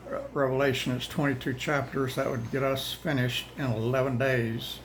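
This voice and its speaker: An older man hosting daily Bible readings chats casually with viewers in a mid-range voice with little pitch movement and a drawl. Out of breath, he's folksy and plain-spoken, saying "y'all," rambling, halting, and restarting often. The recording is rough, with a slight hiss or hum.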